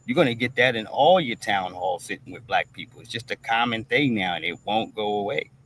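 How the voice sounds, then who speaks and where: Slight background noise accompanies this host's lowish, fairly bright voice, which moves a little fast with lively intonation. In his streamed commentary monologue he's blunt and profane, tacking "all right?" onto almost every point.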